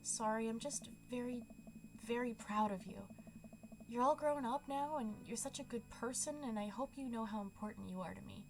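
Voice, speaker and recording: A woman's voice: fairly high pitch, normal speed, over music, lightly acted, low-quality recording. Woman reading a doting sentimental dad. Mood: tender. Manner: tender, earnest. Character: doting adult male father, sentimental.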